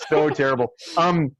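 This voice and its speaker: A man's voice: a little high, fairly bright tone, dry recording. A young man hosting a casual podcast chat, rambling enthusiastically with many restarts. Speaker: podcast host.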